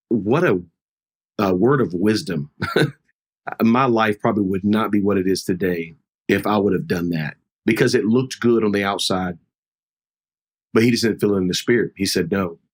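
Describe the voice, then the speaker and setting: A middle-aged man, a pastor, telling a personal story in an earnest, conversational way during a podcast interview. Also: on the low side.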